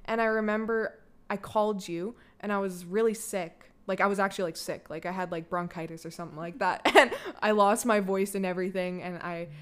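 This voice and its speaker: A young woman with a Canadian accent tells her own story in a casual, rambling way. She leans on filler words and swears freely. Her voice is smooth and resonant, sitting at an ordinary middle pitch for a woman. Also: steady tone, a little fast, hardly any pauses. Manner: candid, loose and chatty, heavy filler "like", swears freely. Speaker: guest, daughter of the host.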